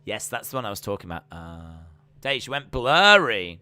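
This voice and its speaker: Chatty man with a bright voice. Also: on the low side, sing-song, normal speed, smooth, no echo. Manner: chatty, reads out viewer comments and jokes. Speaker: live stream host. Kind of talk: casual wrestling watch-along chat.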